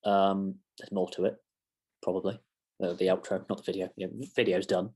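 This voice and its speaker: A man's voice: low voice, level tone, fairly quick, mellow, breathy edge. A young man giving a casual football match reaction to camera, rambling with self-mocking asides. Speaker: fan channel presenter.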